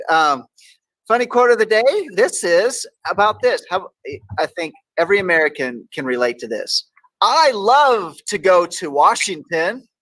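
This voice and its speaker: A man's voice: fairly high pitch, a bit bright, no room sound, rough recording. A man from Texas hosting a casual talk show, reading daily quotes aloud with playful emphasis. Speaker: host.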